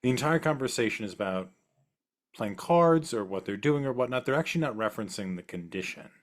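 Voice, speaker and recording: A man co-hosting a casual film discussion, talking through his points in a thoughtful, measured way. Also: medium pitch, animated. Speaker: podcast co-host.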